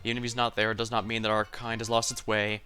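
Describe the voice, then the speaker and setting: A man playing an alien sea creature that speaks as a hive, in clipped, chant-like statements. The voice has a bright, sharp edge and stays cold throughout. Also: fairly low pitch, completely flat delivery, quick pace, soft background music.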